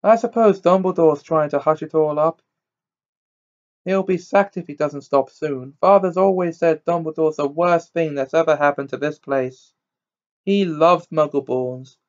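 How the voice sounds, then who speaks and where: A spiteful, snobbish schoolboy sneers at everyone, played by a man reading a storybook aloud. He sounds somewhat high and unhurried. The recording is slightly dull and muffled. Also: natural voice. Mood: scornful. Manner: haughty and snide, slightly raised voice. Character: sneering, scornful rich schoolboy.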